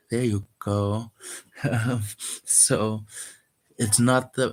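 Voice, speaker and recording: A poet vlogger talks casually and hesitantly about his own poem in a reflective monologue full of fillers and restarts, soft-spoken, wistful and guarded. His voice is fairly low and steady, extremely slow, with long pauses.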